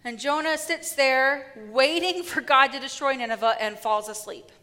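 A woman preacher delivering a sermon with lively, humorous storytelling. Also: high voice, normal speed, big-room sound.

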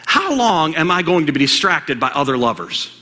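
Bright-voiced preacher in an echoey hall. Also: male voice, fairly high pitch, moderate pace. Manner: animated, conversational, rhetorical questions to the congregation. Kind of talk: sermon.

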